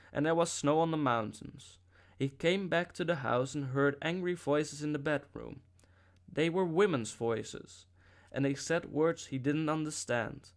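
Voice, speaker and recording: Narrating a novel for an audiobook, this man speaks on the high side. He keeps a steady storytelling rhythm with the occasional slip.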